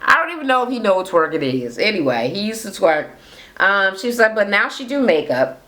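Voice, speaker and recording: A young woman rants through a reality TV recap straight to her camera. She swears freely and jumps into little voices to act out what the cast said. Her voice sits at an ordinary pitch for a woman. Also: a little fast. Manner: profane, animated, acts out quotes in voices. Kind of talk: casual recap rant. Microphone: camera mic, talking to camera.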